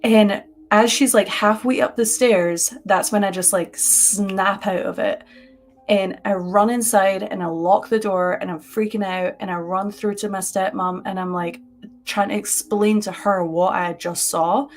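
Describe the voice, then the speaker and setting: Animated woman telling a ghost story. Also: medium pitch, measured pace. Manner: animated, lots of "like" fillers. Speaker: podcast co-host. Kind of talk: casual live-stream storytelling. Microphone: webcam on a live stream.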